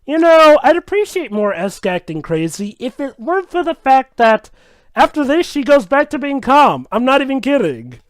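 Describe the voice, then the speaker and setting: A man with a very high, animated voice rants sarcastically about a cartoon episode. The sound is dry and close. He talks in casual, exasperated bursts. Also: normal speed, no echo. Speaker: commentator. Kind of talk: casual commentary over an episode.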